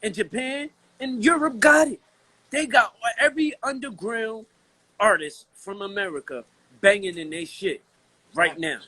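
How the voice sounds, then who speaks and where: A man from Brooklyn talking as a guest in a casual hip-hop chat, animated and slangy, restarting his sentences a lot. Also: high voice, a little slow, husky, rough recording.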